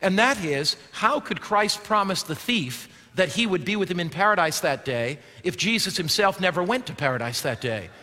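A man preaches with a high, bright voice, ranging from ringing emphasis to hushed, quick asides. His sermon rings out with the long reverb of a large hall. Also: animated. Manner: preaching, rising to forceful exclamations then dropping to quiet asides. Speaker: pastor.

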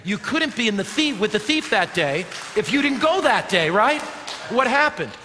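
A man preaching a sermon as pastor, swinging from forceful exclamations to quiet asides. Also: extremely high pitch, big pitch swings, moderate pace, a faint crowd, a little hiss or hum. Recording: long hall reverb.

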